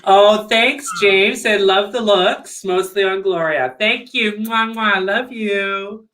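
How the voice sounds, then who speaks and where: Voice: medium pitch, slow pace, fairly bright tone. A co-host of a live drag race recap show, chatting casually in a playful, teasing way. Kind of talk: casual live-stream chat.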